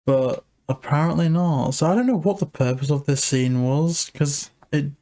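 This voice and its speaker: A man's voice: fairly high pitch, moderate pace, mellow. A man co-hosting a casual film review chat, rambling and filling his talk with "like". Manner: rambling, heavy use of filler "like". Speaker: podcast co-host reviewing a film.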